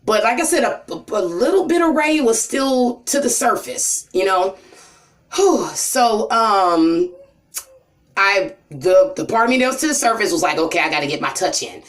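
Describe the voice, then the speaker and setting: A woman's voice: lively intonation, unhurried. A woman telling a personal story in a rambling, emotional vlog, full of "you know" and "like". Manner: voice drops low and cries near the end. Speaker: vlogger.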